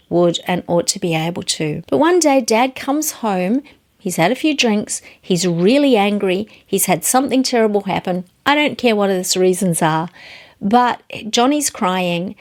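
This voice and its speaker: A woman teaching psychology through small stories, earnest and measured. Her voice sits at an ordinary middle pitch for a woman. She leans on key words by lifting her voice. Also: a little mellow. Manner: earnest storytelling, varies pitch for emphasis.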